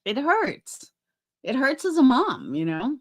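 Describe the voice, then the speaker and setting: A woman's voice: high-pitched, sing-song, slow pace. A middle-aged woman chatting on a livestream, rambling and swearing as she talks to her chat by name.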